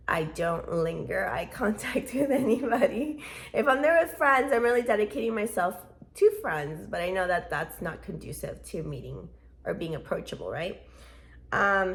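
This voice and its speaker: A woman's voice: lowish voice, a little slow, creaky. A woman vlogger rambling casually to her viewers in a chatty, playful way, laughing often. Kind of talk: casual rambling vlog chat.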